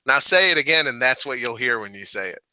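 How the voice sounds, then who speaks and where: A man co-hosting a wrestling podcast, chatting casually, swearing freely and laughing loudly at his own jokes. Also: mid-range voice, expressive, fast talker, clean tone, no echo, rough recording. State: giddy from cold medicine. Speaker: podcast co-host.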